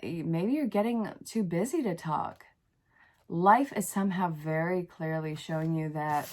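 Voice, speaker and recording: A woman's voice: fairly low pitch, a little mellow. A woman in her thirties with the sniffles, giving a casual tarot reading in a frank, encouraging way and talking straight to the viewer. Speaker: tarot reader.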